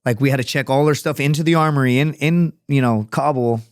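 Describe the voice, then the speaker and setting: A man who is a podcast guest, telling stories in a casual, profane and animated way, acting out other people's voices as he goes. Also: mid-range voice, a little fast, no room sound, clean studio sound. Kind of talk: casual storytelling. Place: podcast studio.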